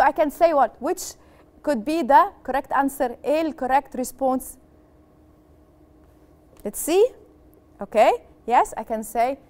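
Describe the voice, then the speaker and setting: This is an Egyptian woman teaching an English lesson in a high voice. She explains in English, then repeats herself in Egyptian Arabic. She acts out each sample phrase with expressive emphasis, like a classroom teacher.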